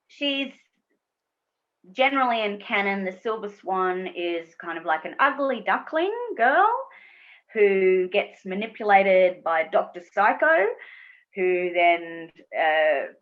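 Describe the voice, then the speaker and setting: Chatty woman guest, laughs a lot, starts over mid-sentence, kinda dull muffled audio. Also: fairly low pitch. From Australia. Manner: chatty, laughs easily, restarts often. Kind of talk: casual video interview. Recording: dull lo-fi sound.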